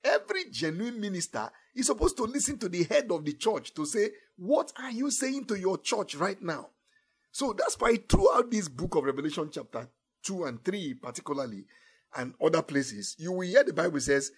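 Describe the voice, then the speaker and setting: Guy preaching a sermon, kinda husky, higher voice, pitch jumps all over, drags out the big lines. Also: sing-song. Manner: emphatic, swings from low murmurs to raised declarations; stretches key phrases slowly.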